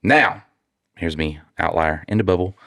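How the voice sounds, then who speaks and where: A very deep-voiced man with a drawl, co-hosting a casual podcast. He rambles, restarts his sentences and swears freely. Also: normal speed, vocal fry, a bit bright. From North Carolina. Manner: blunt and profane, rambling with restarts. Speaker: podcast co-host.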